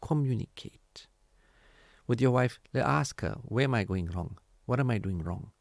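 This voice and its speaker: A man hosting a radio marriage counselling talk, animated and preachy, acting out quoted family dialogue. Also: medium pitch, normal speed, creaky, dry recording, clean studio sound. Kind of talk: casual radio advice talk.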